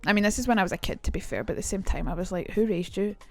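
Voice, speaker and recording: A woman's voice: fairly low pitch, expressive, very fast, vocal fry, faint music behind. A young Scottish woman teaching on a casual livestream, chatty and blunt, swearing freely. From Scotland. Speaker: streamer.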